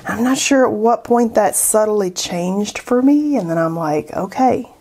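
A woman's voice: medium pitch, animated, a little slow, darkish tone. A woman with a Southern accent, chatting casually and thinking aloud as she hosts an art tutorial.

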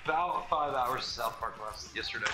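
A man's voice: medium pitch, moderate pace. A man chatting casually and joking. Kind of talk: casual chat. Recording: echoey room with loud noise.

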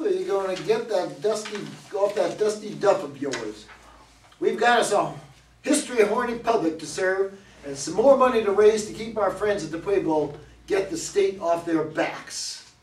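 A man's voice: high-pitched, animated, unhurried, darkish tone. An actor playing a boastful older cowboy who runs a roadside museum, talking in a hammy, folksy salesman's drawl at a reader's theater stage reading. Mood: cocky, folksy. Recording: echoey hall from far off.

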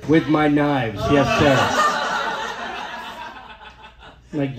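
A man's voice: a little high, big pitch swings, drawn-out words, long pauses, heavy background noise. A man in his fifties performing a crude, self-deprecating stand-up set in a comedy club, often tagging his lines with "right?". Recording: echoey comedy club room.

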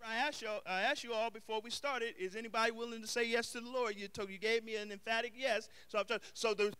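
A middle-aged man preaches a sermon to his congregation in a very high, bright, tense voice that rises to shouted emphasis. His tone is smooth and clear. He slips easily into casual street slang between his calls to the church. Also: fairly even intonation, fast, hardly any pauses. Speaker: pastor.

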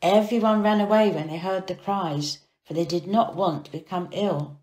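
A woman's voice: on the low side, moderate pace. Woman reading a storybook aloud. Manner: expressive, dramatic read-aloud. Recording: echoey room.

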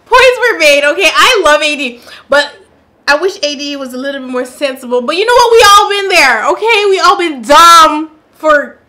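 Bright high-voiced sassy woman vlogger. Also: animated, normal speed. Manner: sassy, playful, laughs often. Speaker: reaction vlogger. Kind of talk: casual chat.

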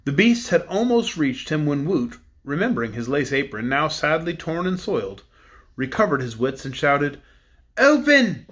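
A man narrating a children's storybook in a steady, measured reading. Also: a little high. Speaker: audiobook narrator.

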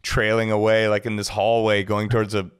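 A man telling stories on a casual podcast, animated, acting out the people in them and swearing freely. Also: lowish voice, fairly quick, clear, resonant tone. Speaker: guest DJ.

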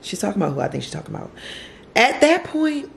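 A woman's voice: mid-range voice, very animated, fast, vocal fry, slight background noise. A woman vlogger telling a story to camera from home in a casual, emotional way, repeating herself and using slang.

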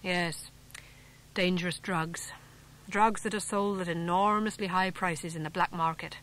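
A woman reading the part of a big, grim farmer in an audiobook, stern and deliberate in her own voice. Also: on the low side, fairly even intonation, a bit bright, rough recording.

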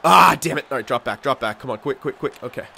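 A young man giving live commentary on his own hockey video game play, excitable and swearing loudly at the computer players. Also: medium pitch, fast, gravelly. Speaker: gameplay commentator.

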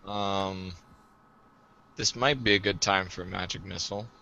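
A man's voice: low-pitched, fairly even intonation, measured pace, gravelly, lo-fi sound, noisy background. A man playing in an online tabletop game, wry and chuckling. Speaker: player.

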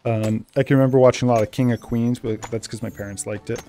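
A man's voice: mid-range voice, fast, faint music behind. Chatty young man with Boston accent. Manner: rambling and chatty, with bursts of excitement. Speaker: gaming channel host. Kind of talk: casual let's play commentary.

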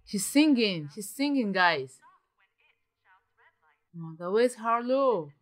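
A young woman giving dramatic, excitable commentary while playing a life-simulation game, often gasping and exclaiming. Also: medium pitch, unhurried. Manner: dramatic, gasps and exclaims, ends points with "okay?". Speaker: gaming YouTuber.

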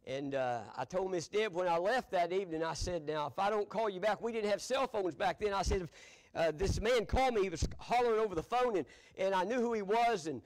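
An older man, a pastor telling folksy stories from the pulpit, chuckling as he goes. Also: high voice. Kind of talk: storytelling sermon. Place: church sanctuary.

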